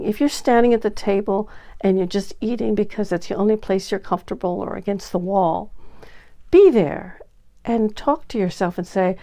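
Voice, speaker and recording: An energetic woman gives a coaching talk to the camera on dating. She acts out examples as she goes, so her voice swings widely in loudness and pitch. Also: moderate pace.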